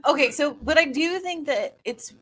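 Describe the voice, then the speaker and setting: A woman's voice: sits high, moderate pace, a bit bright. A woman co-hosting a casual movie podcast, rambling and searching for words. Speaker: podcast co-host.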